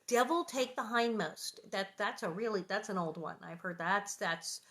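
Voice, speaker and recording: A woman's voice: medium pitch, normal speed, fairly bright tone. A woman reading a children's book aloud, breaking off for chatty, gushing asides about the old expressions. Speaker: reader.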